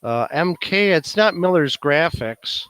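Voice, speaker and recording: A man's voice: fairly high pitch, expressive, unhurried, fairly bright tone, smooth, no room sound. A man with a Chicago accent presenting at a meeting, musing aloud with many fillers. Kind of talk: casual demonstration talk.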